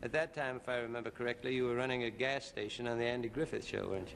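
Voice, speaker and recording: A man's voice: medium pitch, steady tone, racing, vocal fry, fairly bright tone. A man hosting a variety show, bantering in a comedy sketch with a stammering, mock-earnest delivery. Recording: noisy old TV broadcast.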